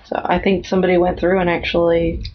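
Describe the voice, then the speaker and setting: A woman guest co-hosting a casual book discussion, relaxed and thinking aloud with hesitant fillers. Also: on the low side, quick pace, a little hiss or hum. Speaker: guest co-host. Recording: lo-fi dull audio.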